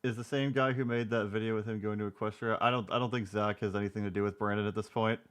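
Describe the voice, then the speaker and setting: A man's voice: fairly low pitch, fairly even intonation, fast, smooth. A male streamer gives live commentary over a video he is watching. He mocks it with sarcasm and frequent swearing. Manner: sarcastic, mocking, profane.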